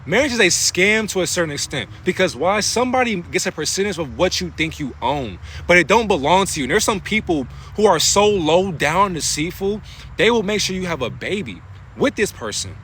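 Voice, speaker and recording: Male streamer, bright and lively, slangy and preachy, keeps pausing to thank chat. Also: high voice, a little hiss or hum. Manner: casual slang, often stops to thank viewers; passionate, preachy rhetorical questions. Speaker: livestreamer. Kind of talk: spiritual talk on a livestream.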